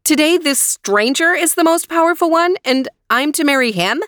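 A woman voicing a spirited, defiant young princess in a high, emphatic storybook voice. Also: animated, normal speed, fairly bright tone, no echo, studio quality. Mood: indignant.

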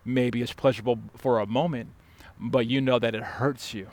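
A man preaching a sermon as pastor, emphatic and urgent, dropping to hushed stress on key words. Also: mid-range voice, fairly even intonation, normal speed. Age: adult father.

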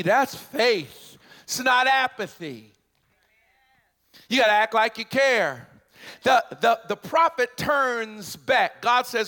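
A man preaching a sermon in a church, with rising shouts and chanted, repeated lines. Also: extremely high pitch, animated, slow pace. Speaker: pastor. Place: church sanctuary.

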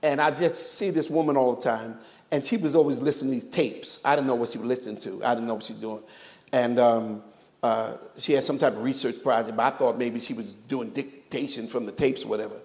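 A man's voice: medium pitch, fairly even intonation, a little fast, darkish tone. A man preaching a sermon as pastor, emphatic, firing off rhetorical questions and dropping joking asides.

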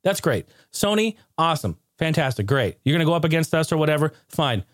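A man's voice: on the high side, very animated, a little fast, no room sound, studio quality. A man playing a brash, mock-friendly male gaming executive who is upbeat and dismissive.

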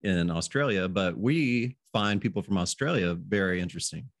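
A man's voice: deep voice, lively intonation, normal speed, no echo, studio quality. A man hosting a casual podcast chat, easygoing, laughing often and restarting his phrases. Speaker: podcast host.

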